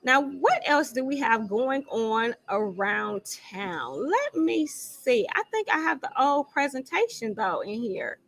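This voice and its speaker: A woman's voice: high-pitched, very animated, takes it slowly, gravelly, hardly any pauses, a bit bright. A woman hosting a live show, chatty and self-teasing, reading out deals and events and thinking aloud as she goes. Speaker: show host. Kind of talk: casual live-stream announcements. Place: lounge studio.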